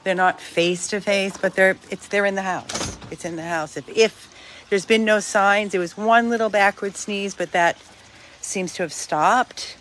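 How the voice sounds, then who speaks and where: A woman's voice: mid-range voice, unhurried, a bit bright, a little hiss or hum. A middle-aged woman from a dog rescue chatting casually in a backyard while filming on her phone. She is chatty and often trails off mid-sentence. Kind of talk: casual vlog chat.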